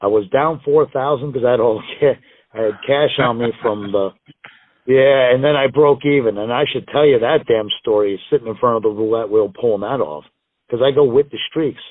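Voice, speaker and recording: A man's voice: mid-range voice, moderate pace, no room sound. Profane man telling stories over a phone line. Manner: profane, rambling, acts out others' lines. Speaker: wrestling guest telling road stories. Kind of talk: casual storytelling interview. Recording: tinny phone-line call audio, dry.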